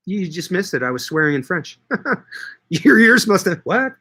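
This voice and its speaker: A man's voice: sits high, sing-song, normal speed, sharp tone. A middle-aged man from Canada, hosting a casual livestream and chatting with viewers, joking and swearing casually. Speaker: livestream host and market grower. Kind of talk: casual livestream chat answering viewer comments.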